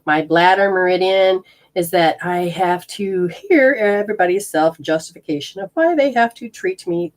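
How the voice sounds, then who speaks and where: Rambling woman leading a healing session. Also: on the low side. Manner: rambling, self-interrupting, explains hands-on techniques. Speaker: energy healer.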